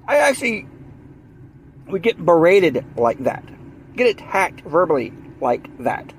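A man's voice: sits high, very animated, a little slow, long pauses, slight background noise. A man with a Southern US accent in a heated, rambling monologue, repeating himself and leaning on fillers. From Southern United States. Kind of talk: ranting monologue.

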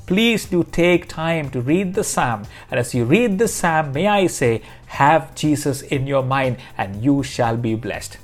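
A man's voice: a little high, expressive. Earnest male pastor teaching scripture. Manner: earnest, measured, reads scripture aloud. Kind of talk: devotional Bible teaching.

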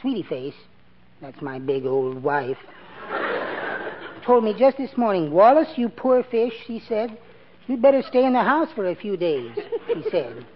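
An actor playing a timid, henpecked little man in a 1940s radio sitcom, with a soft, high, mild and apologetic voice. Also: sing-song, measured pace. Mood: meek. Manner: gentle, prim and apologetic. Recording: dull lo-fi 1940s radio broadcast with faint hiss.

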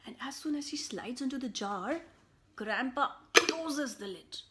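A woman reading a picture book aloud to children, slow and animated, with buzzing and animal sound effects and soft whispered asides. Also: sits high. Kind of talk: children's story read-aloud.

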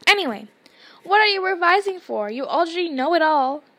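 A woman voicing a complaining, excitable schoolboy wizard with a whiny way of talking. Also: very high-pitched, a little fast, no room sound, pitched above the performer's own voice, exaggerated voice. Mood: grumbling.

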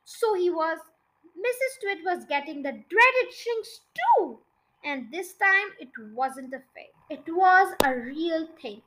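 Female podcast reader, high-pitched and bright, chatty, trips over words. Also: animated, takes it slowly, poor audio. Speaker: podcast storyteller. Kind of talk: reading a children's book aloud.

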